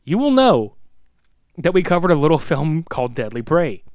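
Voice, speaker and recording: A man's voice: a little high, moderate pace, dry recording, studio quality. A man in his thirties co-hosting a podcast, reviewing a film in casual, profane chat and acting out its scenes. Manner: excitable, swearing, acts out movie lines. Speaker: podcast co-host.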